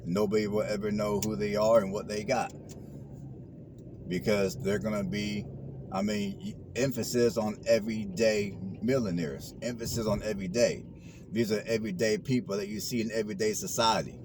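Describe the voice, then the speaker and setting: A man with a lowish voice lectures in loose street slang, circling back to the same lines again and again. He talks from inside a moving car, and road noise hums clearly under him. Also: little pitch movement, fairly quick. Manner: preachy, repeats phrases, street slang. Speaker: vlogger. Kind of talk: casual talk while driving.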